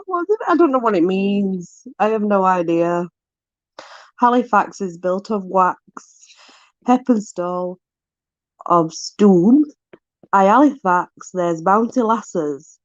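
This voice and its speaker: A woman's voice: medium pitch, lively intonation, slow pace, no room sound, lo-fi sound. A woman with a Yorkshire accent, casually reading old sayings aloud and bemused by them. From Yorkshire, England. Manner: amused, bemused, often laughing. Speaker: vlogger.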